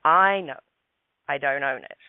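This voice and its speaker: A man, a guest calmly telling a personal story, repeating words as he goes. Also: a little high, unhurried, gravelly, clean tone, no room sound. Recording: phone line, dry.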